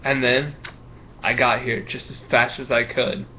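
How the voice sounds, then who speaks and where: A man's voice: mid-range voice, flat delivery, unhurried, highs cut off, a little hiss or hum, close to an everyday voice. A man voicing a nervous young schoolboy who stammers and hesitates while reading a picture book aloud.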